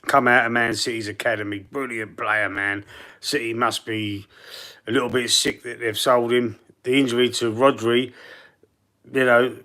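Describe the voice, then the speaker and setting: A man's voice: mid-range voice, flat delivery, moderate pace, pushed and bright. A man with a Cockney London accent, chatting casually and rambling on a live football fan stream, reading out the chat.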